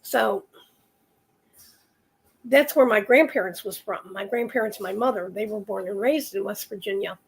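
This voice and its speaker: Husky older woman from upstate New York. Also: medium pitch, normal speed, pauses often. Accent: Western New York. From Rochester, New York, USA. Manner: laughs a lot while telling stories. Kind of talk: casual chat, storytelling.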